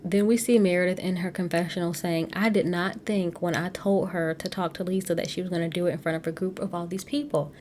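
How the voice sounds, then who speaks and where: A woman's voice: on the low side, fairly even intonation, fairly quick, hardly any pauses, a little mellow, slight background noise. A woman hosting a podcast, recapping a reality show in casual, gossipy chat and often laughing. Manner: chatty and gossipy, laughs often, addresses listeners as y'all.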